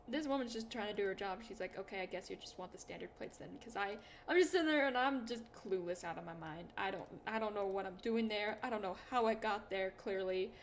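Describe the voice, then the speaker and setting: Rambling young woman, slightly high voice. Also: a little hiss or hum. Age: young adult. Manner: rambling, self-deprecating storytelling with many fillers and restarts. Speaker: YouTuber. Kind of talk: casual chat to camera.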